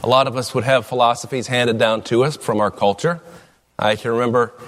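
A pastor preaching a conversational sermon, asking the congregation questions and reading scripture slowly and deliberately. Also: male voice, medium pitch, fairly even intonation, a bit bright. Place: church sanctuary. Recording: long reverb of a large room.

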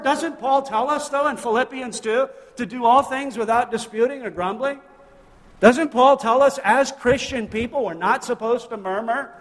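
An extremely high-pitched, fairly bright male voice belongs to a pastor delivering a sermon in a church sanctuary. His preaching is emphatic and packed with rhetorical questions, heard with a big-room sound.

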